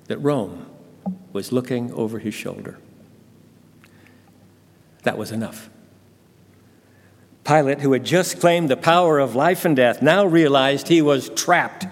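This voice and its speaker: A man telling a Bible story in the first person, dramatic and intense. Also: medium pitch. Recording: long hall reverb.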